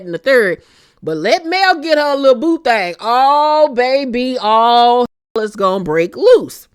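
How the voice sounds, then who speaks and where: A woman's voice: on the high side, no room sound, studio quality. Sassy woman recapping with blunt slang. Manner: blunt, sassy, profane, animated retelling with slang. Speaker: recap vlogger. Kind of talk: casual reality-show recap commentary.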